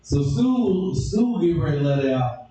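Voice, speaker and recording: Animated man telling stand-up stories, echoey. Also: measured pace, far from the mic, faint music behind. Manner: animated, acts out characters with sudden shouted high squeals. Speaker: stand-up comedian. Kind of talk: stand-up storytelling.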